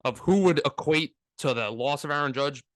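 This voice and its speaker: A man's voice: on the high side, moderate pace, a bit bright, no echo. A man co-hosting a casual sports talk podcast, ranting with energy and mocking fans in put-on voices.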